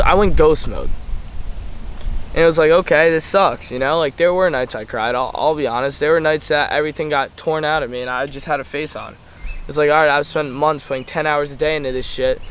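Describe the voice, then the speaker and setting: A teenage boy with a fairly high voice, lecturing hard and swearing freely as he walks outside. The phone recording picks up a faint hum of outdoor ambience behind him. He talks straight at the listener, pushing and challenging. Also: a bit bright, poor audio. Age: teens. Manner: blunt, profane, fired-up, lectures the viewer directly. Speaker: trading mentor vlogger. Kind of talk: intense motivational rant. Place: outdoors at a playground.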